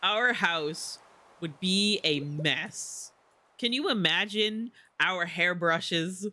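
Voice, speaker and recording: Bright-voiced playful male streamer. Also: sits high, very slow. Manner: chatty, playful, gushing asides. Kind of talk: casual gameplay commentary.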